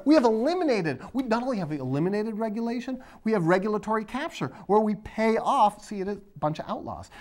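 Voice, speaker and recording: A man from the area, hosting his own video blog and ranting about politics in a rambling, sarcastic, emphatic way. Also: high-pitched. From Boston area, USA.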